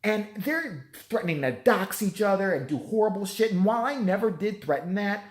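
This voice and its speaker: Speaking straight into the camera from home, a vlogger with a hoarse, yelled-out voice rambles through a sweary, self-deprecating apology. He is expressive and moderately paced, with pitch that swings a lot.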